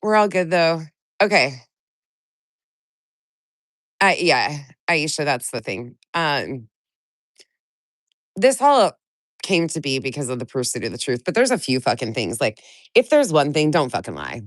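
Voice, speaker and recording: Congested from a cold, this livestream host chats casually, welcomes viewers by name, and vents frankly with plenty of cursing. Her deep voice is sing-song and unhurried, pausing often, recorded at studio quality with no room sound.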